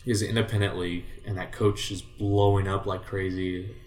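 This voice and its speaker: A man who used to play baseball tells a rambling story in a relaxed, casual way, with lots of fillers and swearing. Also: low voice, brisk. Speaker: guest, former baseball player. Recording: roomy echo, faint music.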